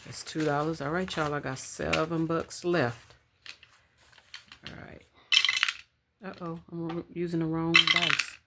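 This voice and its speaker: A woman chatting casually to her viewers at home, calling them y'all and counting out loud as she goes. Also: low-pitched, noisy background. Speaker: budgeting vlogger. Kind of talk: casual chat to camera. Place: home room. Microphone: camera on a stand.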